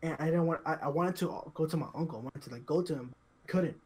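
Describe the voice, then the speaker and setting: A young man co-hosting a podcast, telling a story in casual chat, halting and repetitive, full of fillers and restarts. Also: on the high side, a little mellow, slightly rough. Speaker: podcast co-host.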